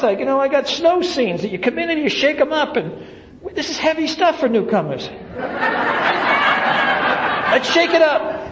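A man speaking to a meeting about recovery, telling humorous, animated stories, recorded in a roomy hall with an audience. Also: extremely high pitch, moderate pace, pauses often, highs cut off, crowd noise, noisy background. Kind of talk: storytelling talk to a meeting.

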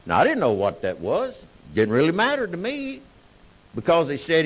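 A man with a drawl speaks his testimony with wild swings in pitch, dropping nearly to a whisper and then climbing into hollering. The recording sounds muffled and lo-fi. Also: wildly swooping pitch, normal speed, husky. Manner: Southern-style storytelling, emotional swings from hushed to shouting. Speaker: speaker sharing recovery story. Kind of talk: personal testimony talk.

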